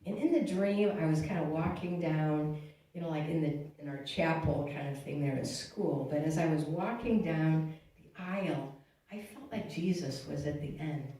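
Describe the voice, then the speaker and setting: A woman giving a reflective, halting church talk on grief, with frequent restarts and sighs. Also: low voice, warm tone. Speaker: guest speaker. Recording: echoey room from far off, faint noise.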